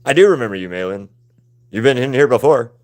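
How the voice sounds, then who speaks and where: A man's voice: medium pitch, animated, quick pace, a little mellow. A man chatting casually with viewers while he paints on a live stream, rambling and laid-back and swearing freely. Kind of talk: casual livestream chat with viewers.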